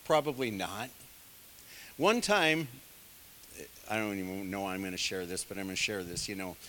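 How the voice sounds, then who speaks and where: A man's voice: low-pitched, normal speed, pushed and bright, big-room sound, slight background noise. A man leading a casual Bible study, talking in a rambling, digressive and self-deprecating way, full of conversational asides. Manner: many fillers, conversational asides. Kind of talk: casual teaching sermon.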